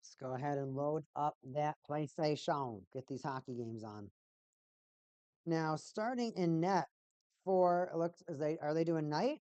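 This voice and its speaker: In a low, mellow voice at a slightly slow pace, a woman runs a hockey watch party stream, bantering playfully with play-by-play. She rambles and sing-songs repeated phrases, and there's no room sound.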